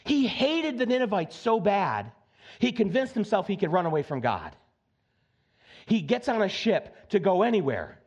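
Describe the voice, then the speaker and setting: A man's voice: high-pitched, sing-song, moderate pace, a little mellow, slightly rough, lo-fi sound. A male pastor preaching a sermon in a conversational, joking way, with frequent asides and repeated phrases for emphasis.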